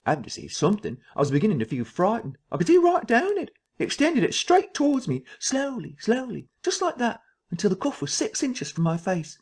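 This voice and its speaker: A man voicing a jittery middle-aged man who recounts a fright, breathless and rising into shrill excitement. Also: a little fast, hardly any pauses, slightly rough, exaggerated voice. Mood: frightened.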